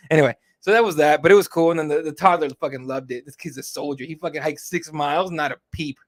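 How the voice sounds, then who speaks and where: A man in his thirties co-hosts a podcast, rambling through long family stories in casual, profane chat. He talks fast with few pauses, in a high-ish, fairly bright voice.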